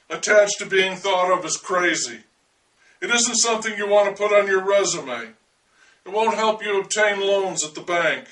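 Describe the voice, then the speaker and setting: A man's voice: high-pitched, bright, forceful tone, distant mic, low-quality recording. Man playing a wry, eccentric alien-listener. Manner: wry, confiding, deliberate monologue to the listener. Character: earnest eccentric man devoted to hearing aliens.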